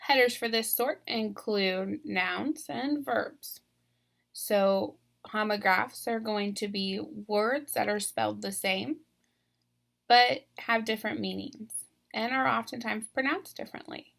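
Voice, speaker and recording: A woman's voice: on the high side, takes it slowly, gravelly, a bit bright. A woman teacher walking students through a word sort step by step, patient and thinking aloud as she goes. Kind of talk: instructional video walkthrough.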